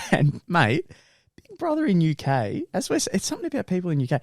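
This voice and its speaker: Animated young man, dry close mic. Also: high-pitched, fairly quick, dry recording. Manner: animated storyteller, laughs through anecdotes, swears casually. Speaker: podcast co-host. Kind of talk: casual chat.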